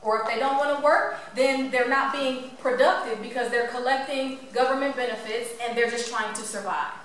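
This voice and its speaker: A woman tells her story to a live audience in a high, lively voice. She is playful and keeps asking the room questions. The sound is echoey and distant, with faint room ambience behind her. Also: normal speed, slight background noise. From Cleveland, Ohio. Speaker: motivational speaker.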